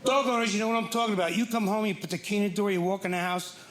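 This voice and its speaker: A man's voice: high voice, fairly even intonation, racing. A man doing a stand-up comedy set, telling wry, mock-exasperated stories about marriage and family. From Ireland. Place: comedy club stage. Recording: echoey stage with loud crowd noise.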